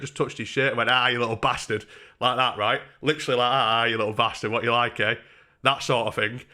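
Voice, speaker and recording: A young man on a home live stream, telling a rambling, sweary story with lots of restarts. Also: medium pitch. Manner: sweary, rambling, restarts a lot, animated when quoting. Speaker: livestreamer. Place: home kitchen.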